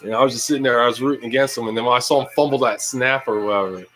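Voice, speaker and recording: A young man hosting a livestream, casually reacting to a live football game, reading chat aloud and yelling at big plays. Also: mid-range voice, steady tone, very fast, rough recording. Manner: casual, slangy. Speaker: livestream host.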